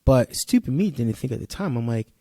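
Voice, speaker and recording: A man's voice: mid-range voice, lively intonation, a little fast, mellow, no room sound, clean studio sound. A young man co-hosting a podcast in casual chat, a laid-back storyteller who acts out quotes. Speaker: podcast co-host.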